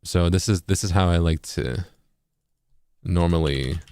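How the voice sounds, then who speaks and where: A low-voiced man with an East Coast accent explains his process in a loose, casual way. He leans on fillers and says words aloud to show their sounds. The recording is close and dry. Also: measured pace, clean tone, no echo. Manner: relaxed, filler-heavy, sounds words out as examples. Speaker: music producer and streamer.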